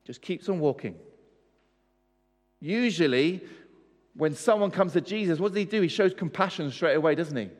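A man's voice: a little high, animated, moderate pace, pauses often. A man preaching a sermon, emphatic, asking his listeners questions. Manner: emphatic, asks the audience questions. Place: church hall. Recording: long reverb in church hall.

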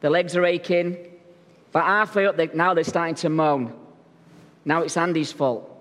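A man's voice: on the high side, normal speed, a bit bright. Storytelling male pastor in an echoing church. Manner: storytelling, jokey and conversational. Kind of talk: sermon. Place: church sanctuary.

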